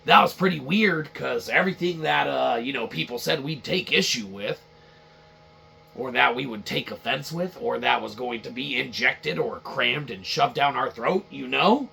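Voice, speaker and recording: A man's voice: medium pitch, lively intonation, normal speed, vocal fry, sharp tone, slight background noise. A man hosting a podcast, ranting casually about a video game in a rambling, profane, repetitive way. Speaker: podcast host. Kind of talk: casual game-review rant.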